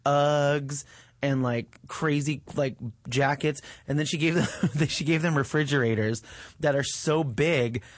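A man co-hosting a casual studio chat show, animated and jokey, often jumping into high sing-song bits. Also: unhurried, dry recording. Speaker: podcast co-host.

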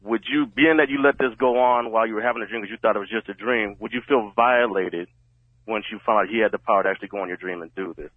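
A man's voice: on the low side, fast talker, dry recording. Male radio caller on a tinny phone line. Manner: earnest, laying out a scenario. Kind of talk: phone-in question.

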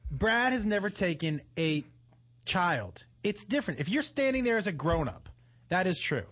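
A man's voice: high voice, moderate pace. A man on a podcast telling a long, profane anecdote in casual chat, acting out the quotes. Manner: animated, profane, acts out quotes.

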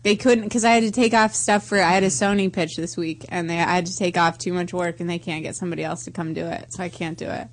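A woman's voice: fairly low pitch, fairly even intonation, fast talker, hardly any pauses. Playful female radio co-host. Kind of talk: casual radio banter.

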